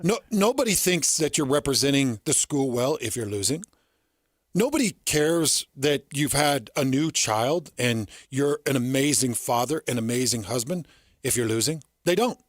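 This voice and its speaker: A man's voice: mid-range voice, expressive, moderate pace, no echo, studio quality. A middle-aged man hosting sports radio, telling stories in an earnest, emphatic way.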